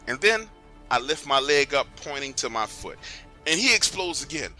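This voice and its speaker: A man narrating a true story in the first person, in a conversational, animated way. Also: medium pitch, moderate pace, faint music behind.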